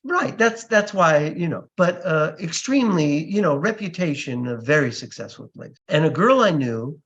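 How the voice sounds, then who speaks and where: Animated older male storyteller, dull lo-fi sound. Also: on the high side, normal speed. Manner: animated storyteller acting out quoted voices. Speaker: podcast guest, comedy magician. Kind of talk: storytelling interview answer.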